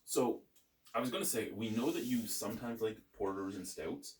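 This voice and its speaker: A man's voice: lowish voice, moderate pace, echoey room, far from the mic, a little hiss or hum. A man hosting a casual beer review, rambling and joking with the odd swear word.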